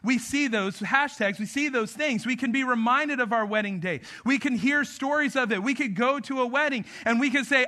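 A man's voice: extremely high pitch, moderate pace, hardly any pauses, bright, forceful tone. A man in his thirties from New Mexico preaching a sermon as pastor, in a casual, chatty way, telling stories with jokes. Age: 30s. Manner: casual, chatty, joking storyteller.

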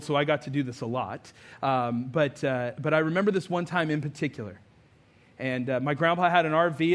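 Man preaching a conversational sermon. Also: fairly high pitch. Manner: conversational storytelling, emphatic rising build-ups. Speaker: pastor.

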